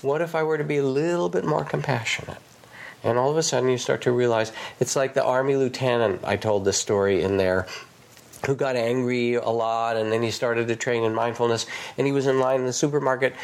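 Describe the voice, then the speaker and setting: A man speaking as a meditation teacher guest, in a gentle guided reflection that is soft, slow and reassuring. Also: medium pitch, fairly even intonation, gravelly.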